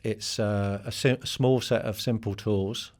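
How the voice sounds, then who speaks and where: A middle-aged business leader gives a conversational podcast interview in a lowish, darkish voice with fairly even intonation and a slightly slow pace. He's straightforward and plain-spoken, with many fillers.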